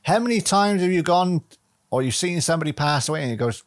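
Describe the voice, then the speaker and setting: A man's voice: a little high, lively intonation, fast talker, no echo, clean studio sound. A man hosting a solo podcast, rambling and chatty, swearing casually and making fun of himself. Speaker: podcast host.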